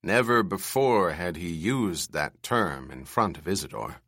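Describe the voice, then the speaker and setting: A man narrates an audiobook slowly and deliberately, his mid-pitched voice moving through lively, wide-ranging intonation in a measured, expressive storytelling style. The recording is close and dry, with no room sound or echo.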